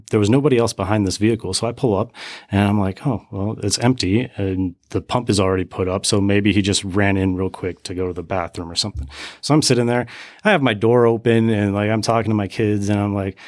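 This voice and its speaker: Animated low-voiced man telling a story. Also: dry recording, clean studio sound. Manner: animated storyteller, acts out quotes. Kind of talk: casual faith podcast chat.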